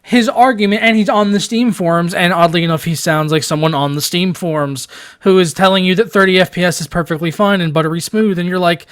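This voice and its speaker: Higher-pitched man, animated tech chat. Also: a little fast, clear, resonant tone. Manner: animated, mocking, repeats himself. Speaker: co-host of a tech news show. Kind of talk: casual tech podcast chat.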